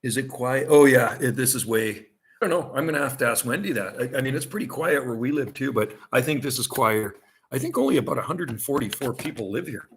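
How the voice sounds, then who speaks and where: A man's voice: medium pitch, animated, fast talker. Chatty rambling man livestreaming. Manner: rambling, chatty, laughs often. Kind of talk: casual livestream chat. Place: vacation home by the sea.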